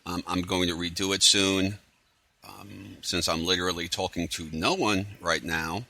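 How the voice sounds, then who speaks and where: Man, low pitch, bright forceful tone, casual rambling, sarcastic. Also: fairly even intonation, normal speed, gravelly, no room sound. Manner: rambling, sarcastic, many fillers. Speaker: TV recap vlogger. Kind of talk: casual spoiler recap.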